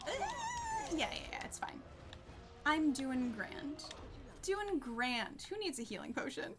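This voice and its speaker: A woman's voice: high voice, big pitch swings, unhurried, pauses often, loud music behind the voice. A woman streaming a game, chatting casually with viewers, bubbly and laughing often. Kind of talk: casual gameplay chat with viewers.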